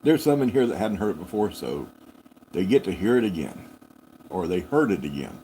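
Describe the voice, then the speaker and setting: A fairly low-voiced man spins a folksy, rambling yarn on a live farm stream. He corrects himself as he goes, unhurried and homespun. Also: very animated, warm tone, slight background noise, rough recording. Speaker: farm channel host.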